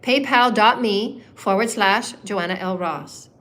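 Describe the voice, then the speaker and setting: A woman leading a live guided meditation as a spiritual healer, giving slow, soothing instructions and breaking into rapid, rhythmic chanted syllables. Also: mid-range voice, fairly bright tone.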